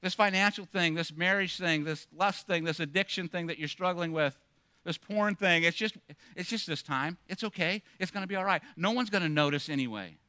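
A man voicing the enemy's coaxing inner voice of temptation, soft and hushed. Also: high voice, brisk, clean tone, no echo.

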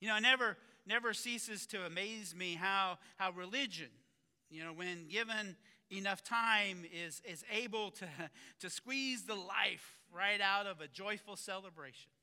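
Guy preaching in a church, high voice, chatty, stops and restarts a lot, big echoey hall. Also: sharp tone, clear, resonant tone. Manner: conversational, halting with restarts. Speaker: pastor. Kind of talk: sermon.

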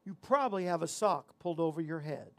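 A man's voice: on the high side, expressive, fairly quick, creaky, very noisy. A man hosting a casual talk show, rambling and self-deprecating as he chats and tells corny jokes. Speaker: show host.

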